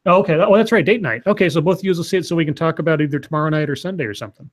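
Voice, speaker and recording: A man's voice: on the high side, racing. A man co-hosting a casual livestream, reading out viewer questions with many fillers and restarts.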